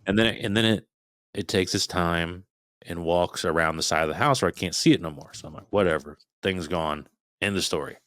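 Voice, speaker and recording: A man in his thirties, a podcast guest, telling a frightening personal story in casual, swearing, animated talk. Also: low-pitched, a little fast, no echo, studio quality. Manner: swearing, animated retelling of a scary night.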